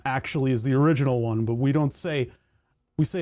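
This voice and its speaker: A man's voice: medium pitch, brisk, darkish tone. A young man from the United States, chatting casually on a live stream, rambling through jokey rants and laughing often.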